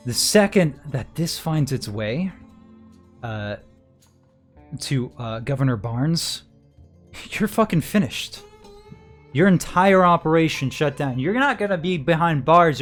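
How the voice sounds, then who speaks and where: A man playing a hot-tempered outlaw's boss in a tabletop western, swearing loudly and barking threats in a somewhat high voice. Faint music plays behind him. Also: lively intonation, a little slow, pauses often. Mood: angry, threatening. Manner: swearing, loud, exasperated. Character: tough male gang boss's enforcer, angry, profane.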